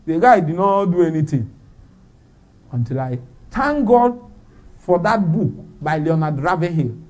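A man's voice: high-pitched, darkish tone. A man preaching a sermon, firing off rhetorical questions and breaking into laughter.

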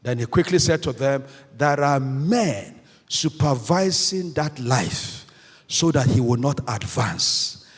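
In a slow, animated, mid-range voice, a male pastor gives an emphatic sermon built on repeated key phrases and call-and-response questions to the congregation. It is recorded in an echoey hall with long reverb.

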